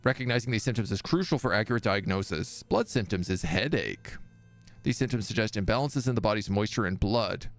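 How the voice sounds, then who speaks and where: A man's voice: lowish voice, expressive, fairly quick. A man streaming a video game, reading the on-screen text aloud and breaking off with jokey asides. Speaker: gaming streamer. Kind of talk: let's-play commentary.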